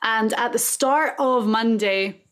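A woman's voice: on the high side, slow, a bit bright, clean tone. Chatty woman talking golf bets. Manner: chatty, laughs often, upbeat. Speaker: golf podcast co-host. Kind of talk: casual sports betting chat.

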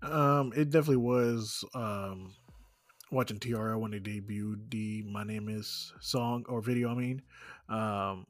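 A man's voice: on the low side, fairly even intonation, measured pace, no echo. A man hosting a podcast in casual chat, easygoing, with many ums. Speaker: podcast host.

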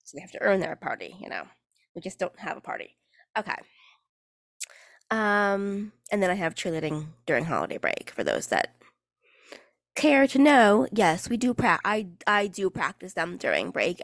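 New woman hosting a solo podcast; sarcastic, rambling, mid-pitched, close and dry. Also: dry recording. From New York. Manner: sarcastic, chatty, swears casually, many fillers. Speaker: podcast host and cheerleading coach. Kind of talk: casual solo podcast chat.

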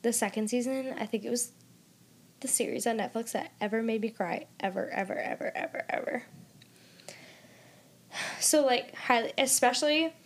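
A woman's voice: a little high, brisk, slight background noise. A woman co-hosting a book podcast in casual chat, gushing and dramatic, with lots of "like". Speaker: podcast co-host.

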